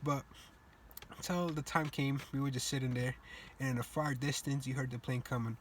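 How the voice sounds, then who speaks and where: A man's voice: mid-range voice, steady tone, moderate pace, noisy background. A young man from Cape Verde telling a personal story, earnest and reflective, with loose casual grammar. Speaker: student speaker.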